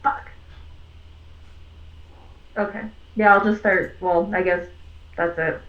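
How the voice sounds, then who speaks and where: A woman playing in a tabletop game, blunt and quick to swear and laugh. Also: on the low side, fairly even intonation, a bit bright, roomy sound, highs cut off. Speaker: player. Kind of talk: casual game chat.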